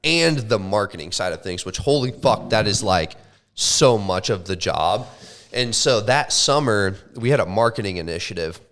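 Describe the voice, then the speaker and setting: Young man, lowish voice, loose swearing podcast storyteller, animated. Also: moderate pace, slight background noise. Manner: animated, swears often, says like and bro. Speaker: podcast co-host. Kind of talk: casual storytelling chat.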